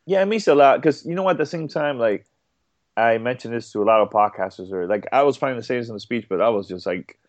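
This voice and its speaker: A man talking as a podcast guest in a casual interview, halting and full of fillers and repeated words. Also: mid-range voice, no echo. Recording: dull dry podcast audio.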